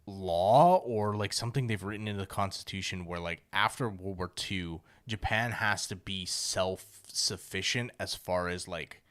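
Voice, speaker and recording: رجل بصوت منخفض يثرثر بعفوية. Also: male voice, sits low, normal speed, hardly any pauses, a bit bright. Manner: rambling, heavy swearing, many fillers. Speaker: podcast co-host. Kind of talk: casual chat.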